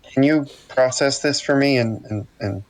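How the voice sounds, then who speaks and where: A man playing a tabletop game, talking in a hesitant, halting way. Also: mid-range voice, a loud crowd, low-quality recording. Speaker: player.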